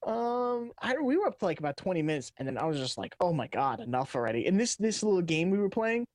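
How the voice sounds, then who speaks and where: Rambling man, slightly higher voice. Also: very animated, quick pace, no room sound. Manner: rambling, restarts sentences often, laughs while telling stories. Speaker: podcast co-host. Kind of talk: casual late-night tech chat.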